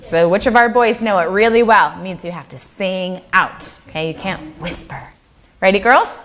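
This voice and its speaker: A woman's voice: mid-range voice, normal speed, fairly bright tone, a little hiss or hum. A woman teaching a children's church class, upbeat and encouraging, often checking in with the kids and leading them in sung scripture.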